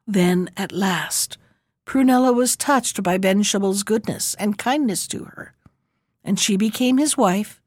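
A woman reading a fairy tale aloud in a measured storytelling manner. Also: medium pitch, a little mellow, no room sound.

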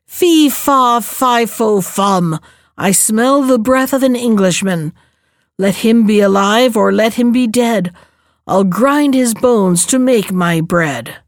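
Storybook giant, male, roaring and slow, read by a woman, dry close sound. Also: on the high side, very animated, no echo. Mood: menacing. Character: huge roaring man-eating male giant.

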